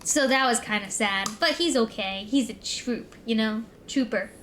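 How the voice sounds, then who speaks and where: A woman's voice: on the high side, normal speed, fairly bright tone, slight background noise. A young adult woman streamer telling a long rambling story in casual chat, full of "like" and "um". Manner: rambling, filler-heavy storytelling.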